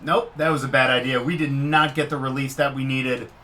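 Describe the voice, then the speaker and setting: Bright-voiced excitable gaming commentator man. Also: mid-range voice, fairly quick. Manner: excitable, swings from muttering to shouting at the quarterback. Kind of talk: live gameplay commentary.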